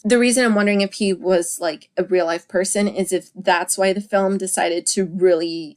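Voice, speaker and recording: A woman hosting a podcast, chatting casually about a book and its film, laughing often and using many fillers. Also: fairly low pitch. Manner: acts out quoted lines with a raised voice. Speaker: podcast host.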